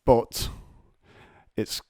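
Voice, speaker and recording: An English man hosts a casual solo podcast from his couch at home, rambling and drifting off on tangents with self-mocking humour. His darkish voice draws out words, and the clean studio sound has no room echo.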